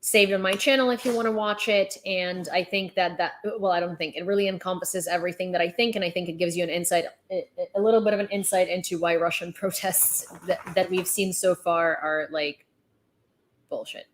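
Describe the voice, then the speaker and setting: A woman's voice: on the low side, a little fast. A young adult woman livestreaming casual commentary on the news. She talks in a chatty, sarcastic way, with lots of fillers and restarts.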